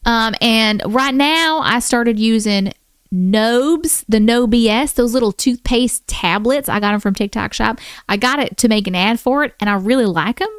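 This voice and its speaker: Chatty lady streamer thanking viewers by name, fake accent for fun, kinda high smooth voice. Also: normal speed, dry recording, clean studio sound. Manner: keeps up a playful put-on accent. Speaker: livestream host. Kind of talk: casual live-stream chat.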